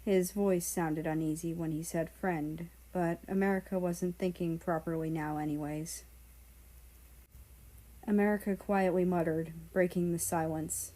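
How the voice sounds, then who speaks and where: A woman narrates a story aloud in a calm, measured way. Her voice is low, dark and mellow, and she takes her time over every line. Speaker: fan fiction reader. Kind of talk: audiobook narration.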